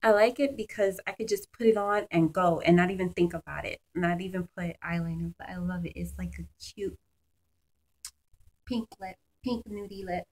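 At home with children nearby, a beauty vlogger gushes casually about her favorite products, using lots of fillers. Her voice is fairly low and darkish at a normal speed, and the recording is rough.

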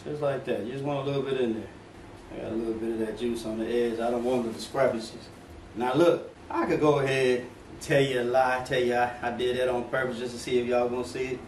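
Middle-aged male cooking host, playful and chatty, mid-pitched voice, picked up at a distance in a roomy kitchen. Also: fairly even intonation, quick pace. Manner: playful, joking, talks straight to viewers in Southern US slang. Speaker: home cooking video host. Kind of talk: casual cooking demonstration. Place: home kitchen. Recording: echoey kitchen from off-mic, faint room noise.

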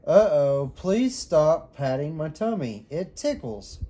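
A man voicing a gentle, cuddly male bear friend in a children's storybook, with a soft, soothing, sing-song delivery. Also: a little high, very animated, takes it slowly, exaggerated voice.

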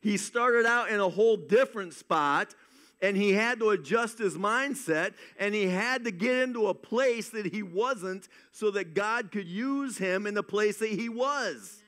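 A man delivers a lively, folksy sermon from the pulpit of a church. His voice sits notably high for a man, and he keeps it loose and joking as he drives his points home. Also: unhurried. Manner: energetic, joking, folksy preaching. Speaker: pastor. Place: church sanctuary.

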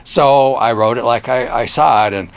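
An older man with a Michigan accent tells stories from his reporting days in an unhurried, chatty way. He slips into quoted voices and jumps in pitch as he acts them out, and he restarts sentences often. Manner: animated storyteller who acts out quoted voices. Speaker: interview guest, former newspaper reporter. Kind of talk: casual storytelling in an interview.

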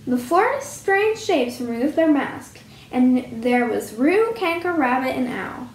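A woman reading a picture book aloud as storyteller, in a sing-song, animated way. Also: sits high, takes it slowly. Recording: roomy with faint hum.

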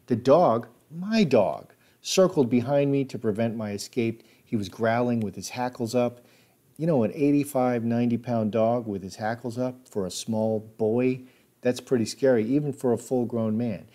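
A man's voice: medium pitch, normal speed, dark tone. A man recounting his own life story in a casual, spoken way with plenty of filler words. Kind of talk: casual spoken memoir narration.

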